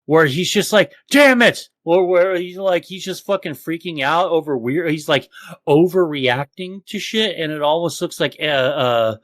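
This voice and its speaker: Brief: male podcast co-host, high-pitched, profane ranting, dry close mic. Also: fairly bright tone, dry recording. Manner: profane, ranting, mocks others in exaggerated voices. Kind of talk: casual podcast chat.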